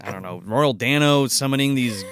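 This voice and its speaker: A man co-hosting a casual movie review podcast, swearing freely and acting out scenes in quick put-on voices. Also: medium pitch, a bit bright, clear, resonant tone, dry recording, clean studio sound. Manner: profane, acts out scenes in voices. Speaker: podcast co-host.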